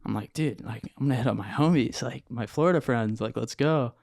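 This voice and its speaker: A man's voice: medium pitch, fairly quick, gravelly, no room sound, clean studio sound. Young man telling stories casually, slangy. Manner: animated, slangy storytelling with many "like"s and acted-out quotes. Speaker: podcast guest. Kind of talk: casual storytelling interview.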